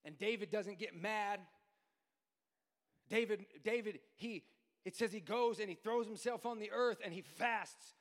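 Brief: male preacher, sermon in a church hall, long reverb, rises from soft retelling to sing-song shouting. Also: sits high, a little slow. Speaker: pastor. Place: church sanctuary.

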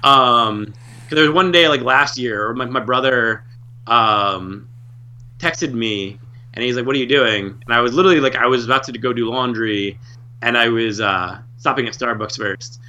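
A man's voice: medium pitch, moderate pace, bright, forceful tone. A man co-hosting a casual chat, telling rambling stories with many restarts. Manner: rambling, heavy on filler words and restarts.

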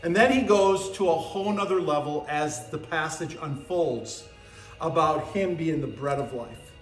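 A man preaching a sermon, teaching verse by verse with emphatic rises and low, quiet drops. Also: normal speed, echoey room, soft background music.

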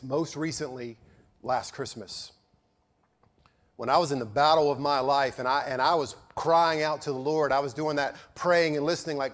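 A male pastor preaching a sermon in a storytelling manner, with a touch of sarcasm, moving from loud to hushed. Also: on the high side, steady tone, normal speed.

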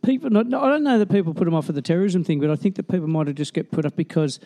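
High-voiced man telling stories. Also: expressive, very fast, mellow. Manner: rambling anecdotal storyteller. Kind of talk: casual chat.

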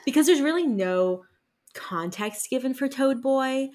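A woman's voice: high-pitched, lively intonation, measured pace, a little mellow. A young woman co-hosting a podcast in casual chat, talking loosely with many fillers. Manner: chatty, many fillers, laughs along. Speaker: podcast co-host.

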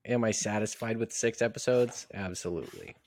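A man's voice: lowish voice, brisk, a little mellow, slight background noise. A man co-hosting a casual podcast chat, laid-back and joking.

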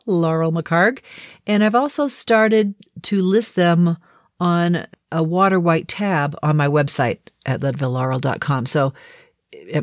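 A woman's voice: deep voice, dry recording, studio quality. A middle-aged woman from the Boston area with a faint Boston accent, chatting through a casual daily video diary with light laughs. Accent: Boston, mostly softened. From Boston area, Massachusetts. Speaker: video diarist.

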